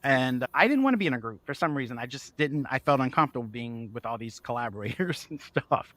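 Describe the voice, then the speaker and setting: A man, a guest author, telling childhood stories in a lively conversational way and acting out the voices he quotes. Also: mid-range voice, fast, no room sound. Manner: animated, acts out quoted voices, laughs often. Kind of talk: conversational storytelling.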